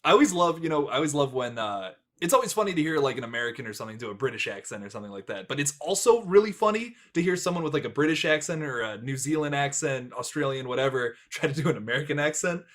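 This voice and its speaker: A man's voice: mid-range voice, lively intonation, quick pace, few pauses, a bit bright. A man hosting a casual movie review podcast, rambling, laughing often and wandering into tangents. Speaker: podcast host.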